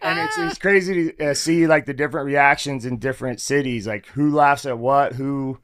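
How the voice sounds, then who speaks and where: A man guest in a casual interview, telling behind-the-scenes stories in an animated way and acting out what people said with laughs. His voice is dry and close, with nothing of the room around it. He talks at an easygoing, conversational pace. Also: medium pitch, moderate pace, no echo. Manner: animated, acts out quotes with laughs. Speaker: guest, former fighter turned actor.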